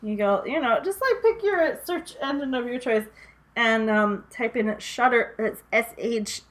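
A woman's voice: on the high side, a little slow. A young woman co-hosting a podcast, with a giggly, rambling, joking way of talking. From Canada. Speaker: podcast co-host. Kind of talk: casual podcast chat.

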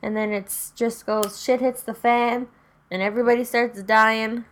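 A woman with a higher-leaning voice, fairly even intonation, and a measured pace co-hosts a podcast. Tipsy from drinking, she casually discusses a horror movie, joking dryly with sarcastic asides.

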